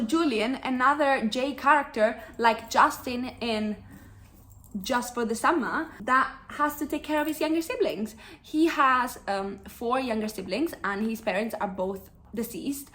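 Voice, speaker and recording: A young woman chatting casually about books she loved, expressive and gushing, swearing freely. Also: medium pitch, a little hiss or hum, low-quality recording. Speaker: book vlogger. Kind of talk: casual book review chat.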